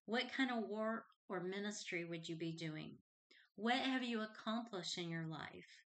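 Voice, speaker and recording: A middle-aged woman hosts her own Christian podcast, speaking at a measured pace in a medium, slightly bright voice. She shares a personal testimony earnestly and from the heart, reading scripture aloud.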